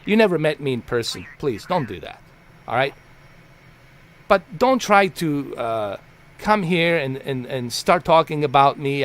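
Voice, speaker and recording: A man's voice: fairly high pitch, lively intonation, measured pace, fairly bright tone. Heated, profane man ranting on stream. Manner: repeats himself for emphasis. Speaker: live streamer. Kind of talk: live-stream rant to chat.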